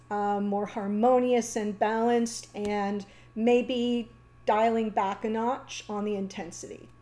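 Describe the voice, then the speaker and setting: A woman giving a casual, chatty tarot reading, talking warmly to the viewer with fillers and small laughs. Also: on the high side. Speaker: tarot reader.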